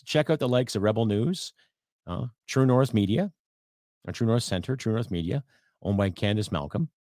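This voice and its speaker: A man from Canada rants into a podcast mic, angry and sarcastic, swearing as he goes. His voice sits at a middle pitch and sounds dry and close, with no room around it. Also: a little mellow, no echo. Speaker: podcast host. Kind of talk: ranting podcast monologue.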